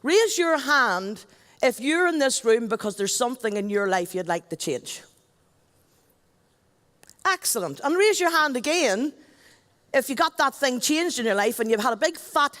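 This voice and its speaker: A woman's voice: fairly high pitch, lively intonation, normal speed, a bit bright. A middle-aged woman with a Northern Irish accent, an MC on stage giving a chatty, joking talk and addressing the crowd. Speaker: event MC. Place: stage at a large event. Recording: long hall reverb.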